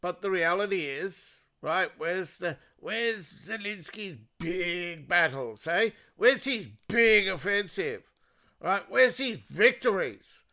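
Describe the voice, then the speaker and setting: A man's voice: sits high, animated, slow pace, pushed and bright. An Australian man giving a sarcastic, mocking solo commentary as host of his own show. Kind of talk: solo political commentary monologue.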